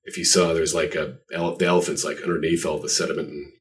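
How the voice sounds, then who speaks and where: A man's voice: extremely low pitch, little pitch movement, fast talker, distant mic. A man being interviewed about his art, telling stories in a rambling, self-deprecating way with lots of fillers. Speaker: artist guest. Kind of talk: casual interview chat.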